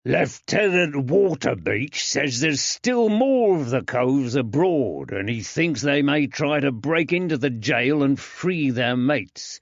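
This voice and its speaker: A man narrating an audiobook, voicing a nervous, rough-spoken jailer who talks bluntly and slowly. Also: mid-range voice, animated, no echo, pitched above the performer's own voice. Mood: threatening. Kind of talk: audiobook character voice. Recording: dry, slightly dull.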